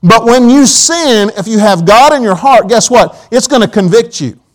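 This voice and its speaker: A man's voice: very high voice, lively intonation, moderate pace, low-quality recording. A man preaching a sermon in a church auditorium, telling folksy personal stories with quoted asides.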